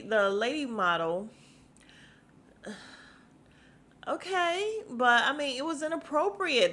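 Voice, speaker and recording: A woman's voice: on the high side, fairly bright tone. A young adult woman hosting a podcast, recapping a reality TV episode in a chatty, slangy way and calling her listeners "y'all". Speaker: podcast host.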